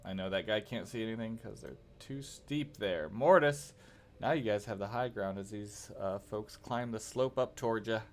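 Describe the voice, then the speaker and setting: A man narrating as game master in a tabletop game over voice chat, relaxed and joking as he moves the monsters. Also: on the low side, normal speed.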